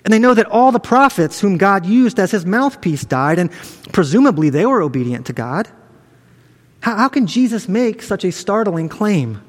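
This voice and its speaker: Male pastor, high voice, earnest conversational sermon delivery, recorded in a reverberant hall. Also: very animated, moderate pace. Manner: earnest, conversational preaching with frequent restarts.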